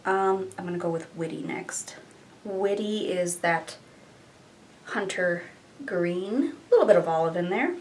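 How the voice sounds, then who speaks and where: A woman's voice: fairly low pitch, expressive, measured pace, darkish tone, recorded from a distance, a little hiss or hum, poor audio. A young woman chatting casually through a makeup tutorial, thinking aloud and trailing off. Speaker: beauty vlogger.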